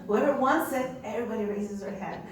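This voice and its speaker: A woman's voice: mid-range voice, fast, a crowd in the background. Earnest woman. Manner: earnest, conversational with many fillers. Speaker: nun running a migrant respite center. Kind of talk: personal storytelling. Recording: echoey room from far off, faint ambience.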